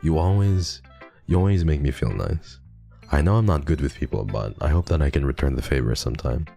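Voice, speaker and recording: A man reading the lines of a shy, timid bookish schoolgirl, soft-spoken and hesitant. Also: rumbling low, lively intonation, brisk, gravelly, soft background music, full character voice.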